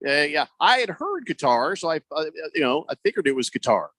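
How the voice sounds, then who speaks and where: A man's voice: a little high, sing-song, quick pace, sharp tone, dry recording. A man hosting a sports talk radio show, rambling and joking as he reads listener texts aloud. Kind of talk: casual call-in talk radio. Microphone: studio microphone.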